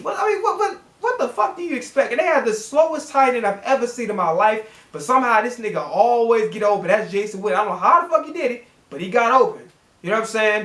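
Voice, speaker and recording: A man's voice: high voice, fairly bright tone, reverberant. A man hosting a sports reaction channel, ranting as a fan with heavy cursing and words repeated when he gets worked up. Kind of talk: profane fan rant.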